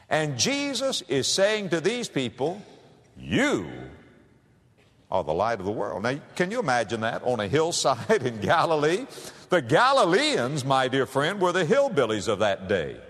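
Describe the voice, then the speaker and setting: An older male pastor preaching a sermon in a church, with dramatic, drawn-out emphasis. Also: a little high, fairly bright tone. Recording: long hall reverb.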